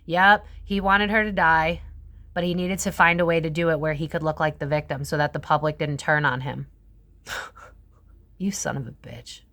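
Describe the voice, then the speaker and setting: A woman's voice: low voice, a bit bright. A woman giving a casual psychic tarot reading, rambling and swearing freely, with frequent laughs. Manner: profane, rambling, laughs often.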